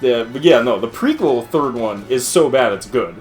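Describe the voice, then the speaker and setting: Brief: young guy, casual gaming banter, giggly and meandering, mid-pitched voice. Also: lively intonation, moderate pace, darkish tone, faint music behind. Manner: rambling, laughs often, swears casually. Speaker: let's play co-host.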